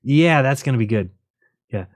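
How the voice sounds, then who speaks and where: A man's voice: medium pitch, lively intonation, normal speed, no echo. A man hosting a casual livestream, rambling and joking, often laughing at his own jokes. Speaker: livestream host.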